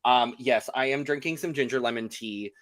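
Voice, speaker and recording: Man, podcast host, campy, chatty, worn voice, bright tone, dry close sound. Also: mid-range voice, normal speed, no echo. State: voice giving out. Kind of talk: casual chat.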